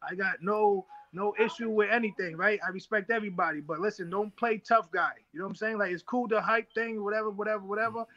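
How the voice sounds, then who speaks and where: High, bright-voiced man telling a story. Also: fast talker, few pauses, muffled recording. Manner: animated, acts out other people's lines. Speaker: boxer, interview guest. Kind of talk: casual storytelling interview.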